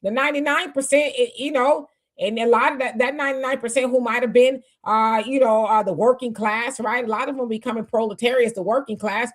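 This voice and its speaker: A woman's voice: fairly high pitch, fairly even intonation, a little fast. A woman in her fifties hosting a live stream, chatting casually and reading viewer comments aloud. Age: 50s. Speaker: host.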